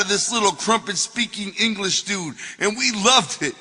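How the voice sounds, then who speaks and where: A man's voice: sits high, moderate pace, big-room sound, noisy background. A man reading his own memoir aloud as an audiobook, telling it in a profane, wisecracking way.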